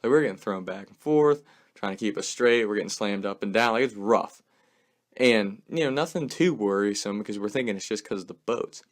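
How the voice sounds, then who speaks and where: A man's voice: fairly low pitch, a little fast. A young man casually telling a story, swearing often and filling his speech with "like.". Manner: swears a lot, fills speech with "like".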